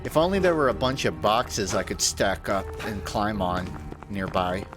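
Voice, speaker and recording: Man, lowish voice, casual joking gameplay commentary, game music behind. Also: normal speed. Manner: joking, offhand, tired late-night banter. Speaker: streamer. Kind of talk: casual live commentary while gaming.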